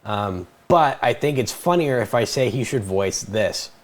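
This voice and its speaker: A man's voice: medium pitch, lively intonation, measured pace. Playful young man hosting a stream. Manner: playful, jokey, reads viewer questions aloud. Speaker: stream host. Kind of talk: casual livestream chat.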